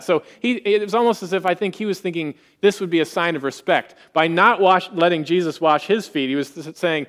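A man preaching a sermon in an animated way, acting out quoted voices with rising emphasis. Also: high-pitched, a little fast, hardly any pauses. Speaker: pastor.

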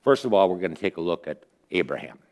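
A man giving a conversational sermon, retelling stories earnestly with pauses as he thinks. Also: sits low, very animated, a little mellow. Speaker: preacher.

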